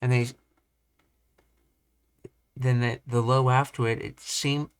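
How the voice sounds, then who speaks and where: A young man reading and commenting on language study material, thinking aloud with halting restarts. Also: mid-range voice, little pitch movement, smooth. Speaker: language teacher.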